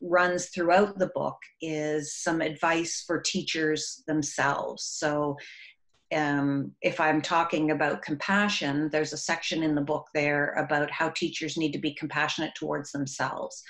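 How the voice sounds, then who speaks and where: Low-voiced woman educator, earnest interview talk. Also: a little slow. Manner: earnest, animated when telling classroom stories. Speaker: author and educator. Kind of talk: recorded interview.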